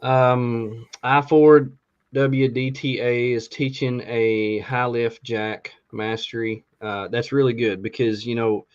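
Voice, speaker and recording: A man's voice: medium pitch, steady tone, takes it slowly, smooth. A man co-hosting a podcast, casually reading through a list of classes with many ums and uhs. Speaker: podcast co-host. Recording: dull lo-fi sound.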